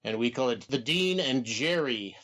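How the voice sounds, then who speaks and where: Guy doing a low stately old announcer voice, formal and slow. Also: expressive, fairly bright tone. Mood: courtly. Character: courtly older male wrestling announcer, formal, deep.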